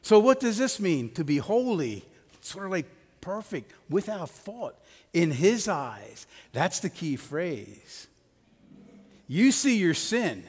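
A man's voice: high-pitched, big pitch swings, slow, slightly rough. A middle-aged man preaching a sermon as pastor in a church sanctuary, conversational, with personal stories and light jokes. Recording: long hall reverb of a church.

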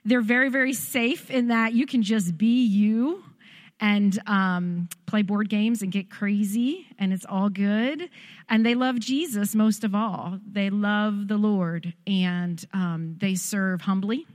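A woman's voice: medium pitch, slow pace. A woman who leads the church, casually and gratefully introducing two visiting guests. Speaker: church leader.

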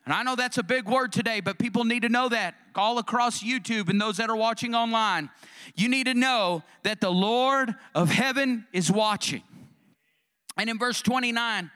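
A man's voice: high voice, moderate pace, pushed and bright, clear, resonant tone. A male pastor preaching a fervent sermon in a church, rousing the congregation with call-and-response questions. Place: church sanctuary.

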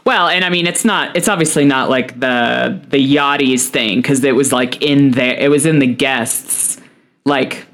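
A man chatting on a casual podcast in an ordinary mid-pitched voice. He talks loosely, leaning on fillers and dropping wry asides. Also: a little slow, a bit bright. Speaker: podcast co-host. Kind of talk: casual chat.

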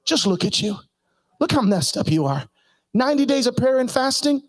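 A man's voice: very high-pitched, big pitch swings, moderate pace, voice pushed up, full character voice. A man preaching who voices a mocking male devil that scolds the listener during a sermon. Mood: scornful. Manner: scornful, mocking. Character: taunting devil, male, scornful accuser.

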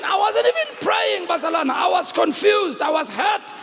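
A man's voice: extremely high pitch, animated, moderate pace, hardly any pauses, a faint crowd. A man preaching a sermon, telling a story and calling out to his congregation. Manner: preaching loudly, switching between English and local languages, calling the congregation. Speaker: pastor. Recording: reverberant hall recording, faint room noise.

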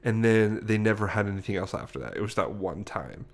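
A man's voice: on the low side, lively intonation, brisk. A young man co-hosting a podcast, telling a story in a rambling, self-correcting way. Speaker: podcast host. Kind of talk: casual podcast chat.

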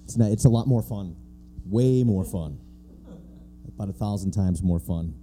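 Earnest man with a dark, mellow voice. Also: deep voice, moderate pace, soft background music. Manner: earnest, stumbles and restarts often. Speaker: wrestling referee guest. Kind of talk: live podcast interview. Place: theatre stage before a live audience.

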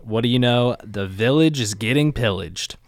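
A man's voice: mid-range voice, normal speed, no echo. A man co-hosting a podcast, recapping an episode in a laid-back, insistent casual chat. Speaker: podcast co-host.

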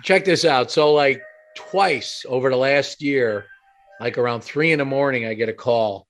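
A man's voice: medium pitch, normal speed, fairly bright tone, a little hiss or hum. A man co-hosting a podcast, telling a story bluntly and swearing a lot in casual chat. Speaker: podcast co-host.

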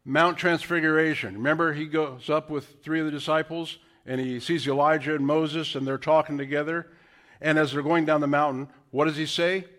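A man preaching a sermon, acting out scripture quotes in hushed whispers and raised calls. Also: a little high, steady tone, moderate pace. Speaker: pastor.

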